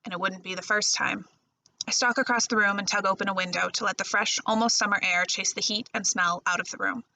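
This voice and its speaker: A woman librarian reading a first-person novel chapter aloud in a steady storytelling voice. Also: medium pitch, fairly quick, vocal fry, dry recording, rough recording. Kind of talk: audiobook-style novel reading.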